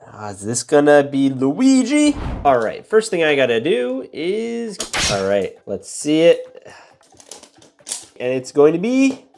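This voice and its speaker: A man hosting a casual unboxing and build-along, chatty and excitable, often trailing into mumbled asides. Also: fairly high pitch, slow pace, gravelly, a little hiss or hum. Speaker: LEGO unboxing host.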